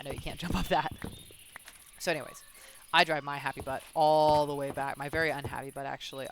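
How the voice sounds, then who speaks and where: A streamer telling a long story while playing a game, in a casual, animated way with many fillers. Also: mid-range voice. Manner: animated, rambling, lots of fillers like "um" and "like". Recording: steady background noise.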